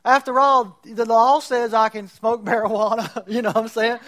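A man's voice: extremely high pitch, little pitch movement, normal speed, a bit bright. A man preaching as a pastor, building his points and acting out the voices of people he disagrees with. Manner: preaching, mocking quotes of others. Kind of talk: sermon.

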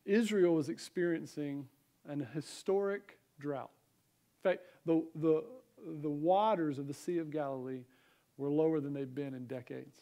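A man with a Southern American accent delivers a Sunday morning sermon. His voice sits high for a man. He mixes scripture reading with easy asides and rhetorical questions to the congregation. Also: measured pace, mellow. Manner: conversational preaching with rhetorical questions. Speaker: pastor.

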